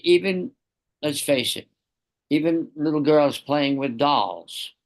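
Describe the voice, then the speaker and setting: A man in a casual group discussion on a video call, speaking in a halting, reflective way with many restarts. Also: medium pitch. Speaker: participant sharing experience with children.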